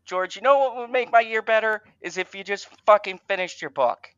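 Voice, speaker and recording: A man hosting a casual fan podcast, swearing and stammering, swinging between exasperation and excitement. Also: sits high, fairly quick, clean tone, no room sound, dull audio. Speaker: host.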